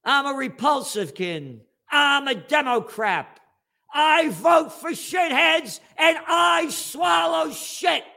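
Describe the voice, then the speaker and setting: An older man putting on a mocked, self-abasing male voter, sneering and shouting. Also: very high voice, expressive, slow, creaky, pitched above the performer's own voice, exaggerated voice. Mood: mocking. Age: 70s.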